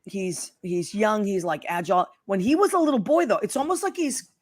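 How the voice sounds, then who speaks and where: A woman's voice: medium pitch, expressive, fairly quick. A woman hosting a casual chat show, gushing and affectionate. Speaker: host.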